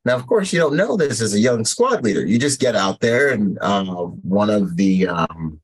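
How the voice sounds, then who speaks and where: A man's voice: lowish voice, very animated, moderate pace, slightly rough, poor audio. A man, a podcast guest from the United States, telling a rambling war story in casual talk, full of fillers and quoted lines.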